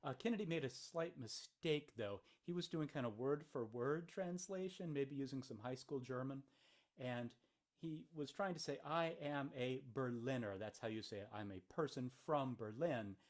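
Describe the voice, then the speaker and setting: A man's voice: mid-range voice, normal speed. A male college English professor giving an informal video lecture from a hotel room, in a playful, chatty way with joking asides.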